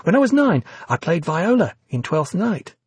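A man reading aloud, voicing an earnest, eager young woman in a raised, breathy voice. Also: high voice, big pitch swings, normal speed, no echo, voice pushed up, exaggerated voice.

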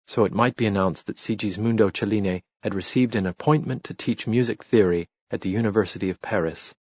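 A man narrating a novel in a measured, steady reading. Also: fairly low pitch, breathy edge, dry recording, muffled recording. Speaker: audiobook narrator. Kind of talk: scripted narration.

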